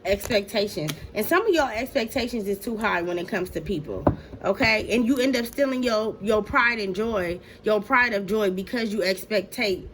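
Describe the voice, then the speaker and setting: A woman reads tarot cards for her viewers in loose, slangy talk, blunt and full of swearing. Her voice sits at a middling pitch, and a faint hiss runs underneath. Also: lively intonation, moderate pace. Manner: blunt and profane, laughs often; slangy, talks straight to "y'all". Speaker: tarot reader. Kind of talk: casual tarot reading to viewers.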